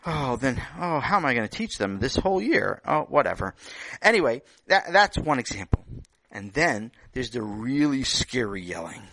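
A man's voice: medium pitch, very animated, normal speed, fairly bright tone, dry recording, low-quality recording. A man telling a children's story with playful self-joking asides and frequent stammers. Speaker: storyteller, lecturer.

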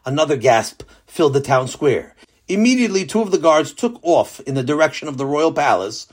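A man narrating a children's story with a lesson at the end, lively and animated. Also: fairly high pitch.

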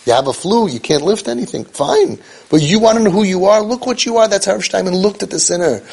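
A man giving an inspirational speech on parenting and faith tells a story emphatically, repeating key phrases for effect and sprinkling in Hebrew and Yiddish terms. His voice sits high and is animated and quick, a little mellow and slightly rough, with vocal fry.

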